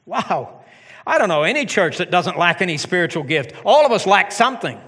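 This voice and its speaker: A middle-aged man preaching a sermon as pastor of his church, animated with joking asides. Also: high-pitched, brisk, husky. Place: church sanctuary. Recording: long hall reverb.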